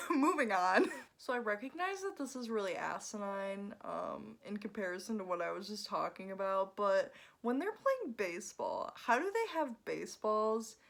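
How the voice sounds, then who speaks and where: A young woman reviewing a book on her vlog, talking to camera in a loose, chatty way. She gets animated and sarcastic, drops casual swears and laughs through her complaints. Her voice sits at an ordinary middle pitch. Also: creaky. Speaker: book vlogger.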